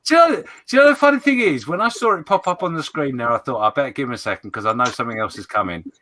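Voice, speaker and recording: Bright-voiced male livestream host. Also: mid-range voice, animated, rapid-fire, a little hiss or hum. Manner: chatty, reads out viewer comments, laughs easily. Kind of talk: casual livestream chat.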